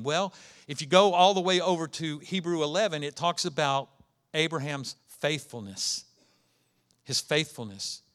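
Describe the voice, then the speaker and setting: Male pastor, high bright voice, lively sermon delivery with rhetorical questions. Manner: animated storytelling, rhetorical questions.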